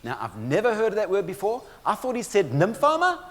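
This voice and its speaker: A man's voice: high-pitched, very animated, fast talker, darkish tone. A man giving a keynote talk, telling stories with dry humor and speaking straight to the audience. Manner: storytelling with dry humor, addresses audience directly. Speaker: motivational speaker. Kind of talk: keynote presentation on stress. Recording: long hall reverb.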